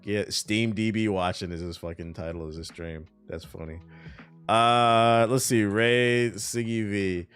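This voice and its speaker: A man streaming live, giving casual, profane, animated commentary on news, his voice a bit tired. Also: sits low, a little slow, clear, resonant tone.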